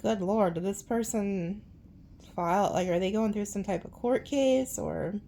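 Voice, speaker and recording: A woman's voice: mid-range voice, a little slow, vocal fry, mellow, slight background noise. A woman giving a casual tarot reading in a chatty, dramatic way, with blunt slang and frequent laughter. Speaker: tarot reader.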